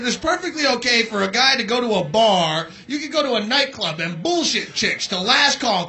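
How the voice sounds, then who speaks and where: Male stand-up comic with a high, piercing voice, sarcastic and foul-mouthed, live club set. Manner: profane, sarcastic ranting with shouted bursts. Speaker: stand-up comedian. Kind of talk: stand-up comedy rant. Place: comedy club stage with live audience.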